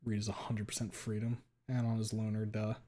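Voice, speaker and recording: During a casual live stream, a man talks with his viewers in a monotone, fairly quick delivery over slight background noise. He swears frequently, fills gaps with "like," and goes loud and high-pitched when something strikes him as funny.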